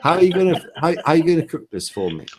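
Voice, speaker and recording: A man's voice: a little high, sing-song, rapid-fire, a loud crowd. A man putting on a celebrity chef impression, pushing someone with questions about cooking fish. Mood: badgering. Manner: badgering, pushy questions. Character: impression of a celebrity chef grilling a cook, shouty.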